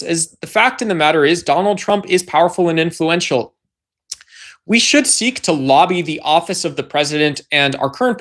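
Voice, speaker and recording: A man with a high voice hosts a loose livestream. He rambles and speaks straight to the viewers in his chat, as if they were sitting with him. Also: a bit bright. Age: adult. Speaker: livestream host. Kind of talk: casual livestream talk to chat.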